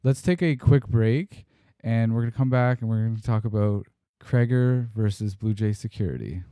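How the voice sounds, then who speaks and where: A man hosts a casual podcast with a mellow, smooth voice, recorded close and dry. He keeps things relaxed and steers the talk along with easy prompts. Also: mid-range voice, moderate pace, no echo. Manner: relaxed, leads the conversation and prompts the guest. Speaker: podcast host. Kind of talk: casual chat.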